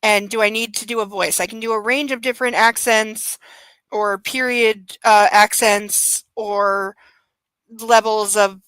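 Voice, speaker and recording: A woman's voice: mid-range voice, steady tone, a little slow, fairly bright tone, clear, resonant tone, no room sound, rough recording. A young adult woman streaming a book reading, breaking in with sarcastic, emphatic commentary. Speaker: livestream host reading aloud.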